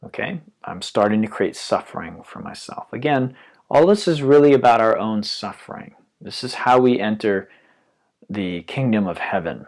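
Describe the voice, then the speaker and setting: A man giving a calm, reflective dharma talk as a yoga teacher, his phrases often trailing off softly. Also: lowish voice, moderate pace.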